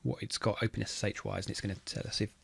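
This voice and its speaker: Low gravelly man explaining his screen. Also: rapid-fire, no echo. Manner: relaxed, thinking aloud while typing. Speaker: automation engineer teaching a tech tutorial. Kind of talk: casual screen-recorded walkthrough.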